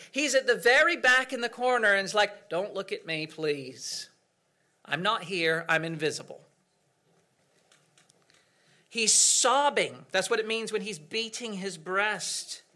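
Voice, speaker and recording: A male pastor preaching a sermon earnestly, with dramatic pauses and swings from loud to hushed. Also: sits high.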